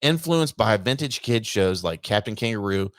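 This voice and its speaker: Low-voiced man reading news on a podcast. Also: expressive, normal speed, no room sound, clean studio sound. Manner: reads articles with stumbles and asides. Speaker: podcast co-host. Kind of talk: casual chat, reading news aloud.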